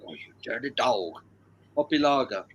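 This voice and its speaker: A man's voice: mid-range voice, expressive, moderate pace, breathy edge. A man hosting a charity live stream quiz, reading out viewers' answers and bantering, with frequent swearing and laughter. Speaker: live stream host running a music quiz.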